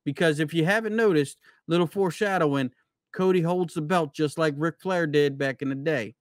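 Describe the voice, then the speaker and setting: A man's voice: a little high, moderate pace, no echo, clean studio sound. A man co-hosting a wrestling podcast, steering the casual chat with questions to the others. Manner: leads the talk, asks questions to the others.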